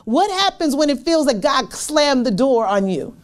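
A woman's voice: high-pitched, sing-song, moderate pace. A woman pastor preaching a sermon in church, repeating her phrases and putting questions to the congregation.

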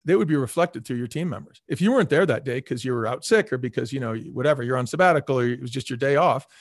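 A fast-talking middle-aged man tells stories in an interview, repeating words for emphasis and acting out the people he quotes. His voice sits at a middle pitch and is recorded close and dry, with no room sound. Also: no echo. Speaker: former restaurant chain CEO, guest. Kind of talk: casual storytelling interview.

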